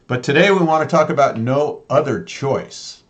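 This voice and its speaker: A man's voice: medium pitch, moderate pace. Upbeat man co-hosting a chat. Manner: upbeat, jokey, many fillers. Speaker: co-host. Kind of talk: casual chat.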